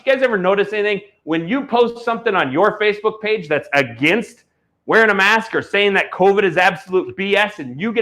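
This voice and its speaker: High, bright-voiced heated male auction host. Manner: heated, blunt, salesy. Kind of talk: live-stream product pitch with ranting.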